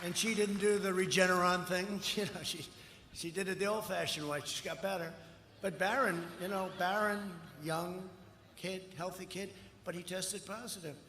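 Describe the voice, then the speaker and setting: A man's voice: high voice, steady tone, moderate pace, bright, forceful tone. A man in his seventies giving a campaign rally speech, rambling and repetitive with mocking asides. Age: 70s. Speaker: political candidate at a rally. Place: large outdoor rally. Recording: echoey rally sound system with long reverb and faint noise.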